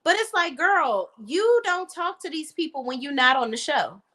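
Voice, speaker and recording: A woman with a DC accent co-hosting a casual commentary chat, blunt and animated, swearing freely. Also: sits high, moderate pace. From Washington, D.C. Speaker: podcast co-host.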